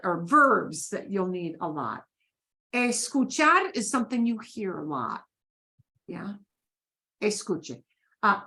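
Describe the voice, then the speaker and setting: A woman's voice: medium pitch, pushed and bright. A woman teaching a beginners' Spanish class, patiently repeating phrases for her students to echo.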